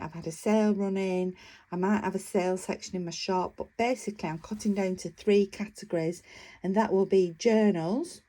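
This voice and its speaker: A woman vlogger with a lowish, darkish voice does a casual show-and-tell about her craft work. She rambles enthusiastically, with frequent fillers.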